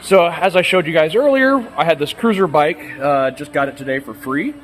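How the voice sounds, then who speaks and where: A man's voice: fairly high pitch, expressive, fairly quick, a bit bright, soft background music. A man casually narrating a bicycle frame build in his workshop, laid-back and chuckling often, with plenty of "uh" fillers. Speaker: hobby frame builder and vlogger.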